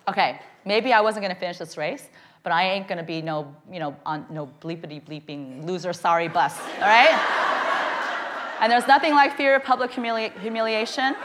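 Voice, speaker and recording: Lively woman storyteller, quite a bit of hiss. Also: mid-range voice, brisk. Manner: lively, self-mocking, peppered with "okay?" and "right?". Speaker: speaker telling a personal story to an audience. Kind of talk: storytelling talk to a live audience.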